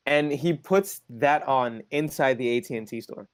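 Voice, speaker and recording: A man's voice: mid-range voice, moderate pace, no room sound, studio quality. A young man co-hosting a podcast, telling a family story in casual chat and acting out what everyone said, with lots of restarts. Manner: animated, acts out family quotes, frequent restarts. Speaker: podcast co-host.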